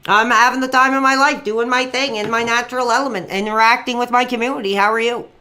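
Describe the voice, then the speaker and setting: A man hosting a livestream and taking calls, chatty and excitable, quick to flare up. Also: very high voice. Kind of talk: casual call-in chat.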